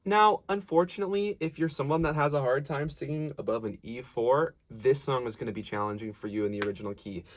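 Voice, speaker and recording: A male voice teacher gives a casual, encouraging singing lesson, explaining technique and stopping to demonstrate sounds and sung lines. His pitch is medium, and he talks fast with few pauses.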